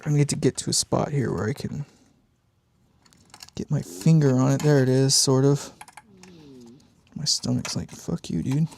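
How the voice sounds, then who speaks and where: A man's voice: mid-range voice, normal speed, creaky, pauses often, darkish tone, a little hiss or hum. A man hosting a live amp build stream, talking casually and muttering and swearing at small parts as he works.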